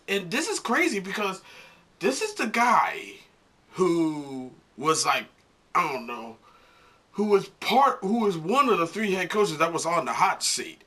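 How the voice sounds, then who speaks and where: Bright-voiced man doing casual commentary. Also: mid-range voice. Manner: halting, many restarts, sarcastic asides. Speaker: vlogger. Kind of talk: casual commentary, reading an article aloud.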